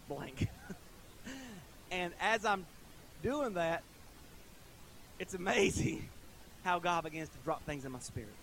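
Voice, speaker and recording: Middle-aged man, pastor, casual folksy sermon with chuckles, slightly raised pitch, faint background hum. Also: rough recording. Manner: folksy and conversational, chuckling often, rising to loud emphatic bursts. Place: church sanctuary.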